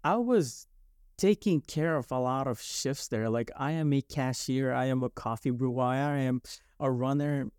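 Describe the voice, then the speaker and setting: A man's voice: medium pitch, moderate pace, darkish tone, smooth, dry recording, clean studio sound. A young man from Canada telling his story in a casual podcast chat, rambling with lots of likes and restarts. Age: young adult.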